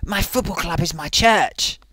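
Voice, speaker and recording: A man voicing a flamboyant theatrical character who calls everyone "dear boy" and "darling" and repeats the host's name loudly in a sing-song. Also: high-pitched, a little slow, dry recording, full character voice. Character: flamboyant theatrical luvvie man, gushing and grand.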